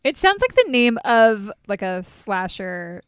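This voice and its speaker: A woman's voice: mid-range voice, big pitch swings, takes it slowly, clear, resonant tone. A woman co-hosting a podcast, chatting in a playful, teasing way. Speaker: podcast co-host. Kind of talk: casual chat.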